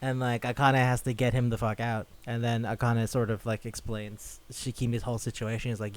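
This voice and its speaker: A man's voice: mid-range voice, level tone, brisk, few pauses. A man co-hosting a podcast in casual chat, swearing freely and acting out quotes as he talks. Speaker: podcast co-host.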